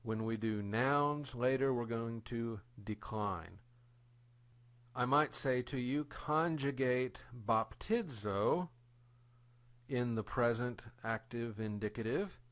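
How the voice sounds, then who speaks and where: Slow, patient man teaching a lesson. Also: medium pitch, fairly bright tone. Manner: patient, slow and deliberate, repeating example phrases. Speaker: Greek teacher. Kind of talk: recorded grammar lesson.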